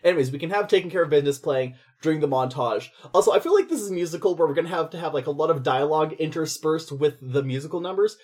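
A man co-hosting a podcast, chatting casually and laughing as he pitches ideas. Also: quick pace, hardly any pauses, darkish tone, slightly rough. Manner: chatty, laughing, acts out quoted lines. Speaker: podcast co-host.

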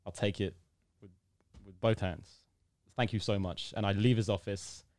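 In clean studio sound without echo, a young man from the UK guests on a podcast, spinning a lengthy tale in a casual chat. His lowish voice moves at a moderate pace as he performs each person's lines and erupts into loud excitement now and then.

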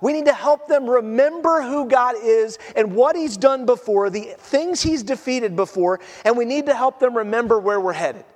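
A male pastor preaches with a strikingly high voice, lively and animated, slipping into voices for the quotes. His words ring out with the long reverb of a large church hall. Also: normal speed, few pauses. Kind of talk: sermon.

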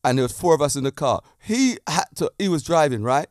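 A man hosting a casual podcast monologue, animated and often laughing at his own jokes. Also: on the high side, fairly quick, no room sound, clean studio sound. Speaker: podcast host.

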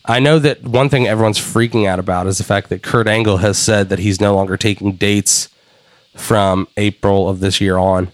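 A man co-hosting a podcast in casual chat, animated and swearing as he thinks out loud. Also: on the low side, moderate pace, no echo. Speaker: podcast co-host.

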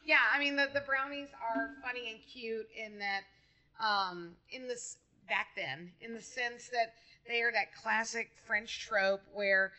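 A woman chatting about a movie with friends on a podcast, her voice bright and a little high. She talks in an animated, lively way and laughs easily. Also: a little slow. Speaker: podcast co-host. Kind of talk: casual movie discussion.

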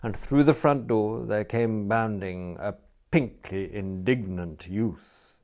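A man reading a story aloud in a measured, expressive way. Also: on the low side. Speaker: narrator. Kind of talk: audiobook reading.

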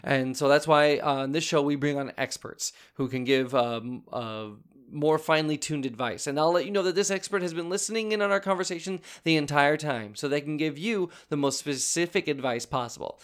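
A man's voice: fairly high pitch, brisk, hardly any pauses. A man hosting an improvised comedy podcast as an advice doctor, flustered, theatrical and full of stammers.

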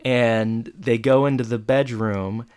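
Give me a man in casual podcast chat, retelling a show scene by scene, middle pitch, slipping into the characters' lines. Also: steady tone, takes it slowly, darkish tone, smooth. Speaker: podcast co-host. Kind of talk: casual chat recapping a TV episode.

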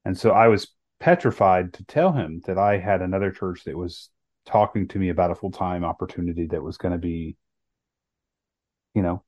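A man's voice: sits low, darkish tone, dry recording, highs cut off. A man co-hosting a podcast, earnestly recounting a personal story in casual talk with many fillers and restarts. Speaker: podcast co-host.

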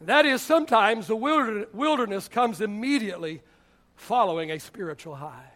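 Speaking at a moderate pace in a high-pitched voice, a pastor preaches a sermon. His style is animated storytelling, and he acts out the lines of those he quotes.

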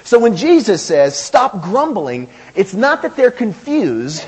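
Casting: husky-voiced male pastor, high, lively delivery, emphatic sermon style. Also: slow pace. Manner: animated, emphatic preaching with quotes and asides.

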